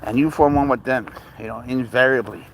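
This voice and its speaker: A man's voice: medium pitch, a little fast, a little hiss or hum, low-quality recording. A man hosting a casual live stream outdoors on a walk with his cat, rambling easily through viewer questions and baby-talking his pet. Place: outdoors on a walk near a road.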